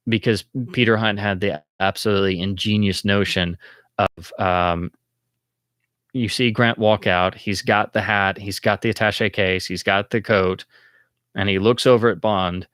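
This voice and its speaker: Excitable low-voiced man hosting a film livestream. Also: a little slow, clean tone, no room sound, studio quality. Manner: excitable, acts out audience reactions in a high voice. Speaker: livestream host. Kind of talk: casual film commentary.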